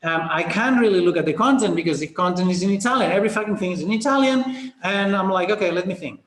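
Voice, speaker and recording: A man presenting a business coaching webinar, talking fast and casually with fillers and the odd swear word. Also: sits high, fairly bright tone, roomy sound. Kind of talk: energetic sales webinar talk.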